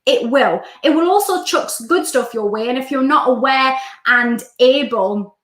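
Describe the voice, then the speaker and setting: A woman's voice: high-pitched, moderate pace, a bit bright, reverberant. A woman with a Geordie accent, a life coach talking casually in a livestream and reading out viewer comments as she rambles. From Newcastle, England.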